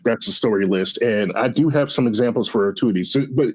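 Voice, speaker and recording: A man's voice: mid-range voice, a little fast, rough recording. A man hosting an interview show, chatty and easygoing, who laughs often and talks straight to his audience.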